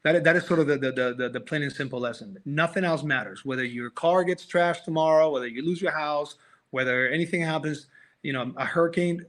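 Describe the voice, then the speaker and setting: A man's voice: a little high, fairly quick, fairly bright tone. A man, a guest on a podcast, talking about life over a video call in a philosophical way, with many restarts. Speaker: guest, former offensive tackle. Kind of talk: casual podcast chat.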